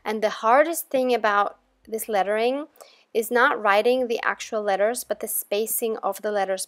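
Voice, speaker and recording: A woman hosting a crafting channel, talking viewers through her project in a chatty, relaxed voice-over. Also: fairly high pitch, no echo. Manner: chatty and relaxed, with gentle laughs. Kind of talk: casual tutorial voice-over.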